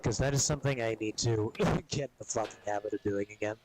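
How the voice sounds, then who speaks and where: A man streaming games, chatting casually and rambling with a lot of swearing, coughing and clearing his throat often. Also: fairly low pitch, brisk, background noise. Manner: profane, rambling, laid-back. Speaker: gaming streamer.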